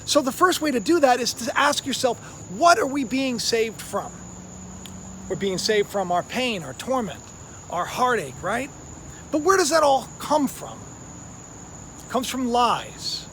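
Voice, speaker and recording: A man with a very high, light voice preaches in a loose, conversational way. He leans on fillers and tag questions as he talks. Faint outdoor ambience, like crickets, sits softly behind him. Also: very animated, a little slow, a little hiss or hum. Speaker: online preacher, channel host. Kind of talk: casual sermon.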